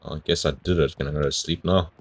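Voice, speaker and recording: A gamer with an extremely deep, low voice does let's play commentary at a fast clip and in a steady tone. He reads on-screen text aloud and drops bemused little comments between the lines.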